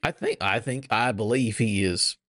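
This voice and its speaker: A man's voice: on the low side, moderate pace, fairly bright tone, dry recording, studio quality. A man co-hosting a podcast in a casual, jokey manner, drifting into rambling asides. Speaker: podcast co-host.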